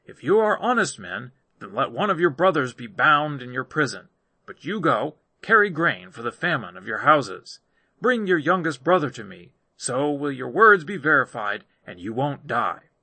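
A man reading aloud, voicing a stern male governor who forcefully commands his brothers in a scripture reading. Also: medium pitch, big pitch swings, normal speed, husky, dry recording, full character voice.

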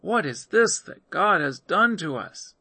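Frightened pleading brothers, as a man puts them on, higher voice, gravelly, lively, scripture reading. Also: a little slow, dry recording, exaggerated voice. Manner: pleading, anxious.

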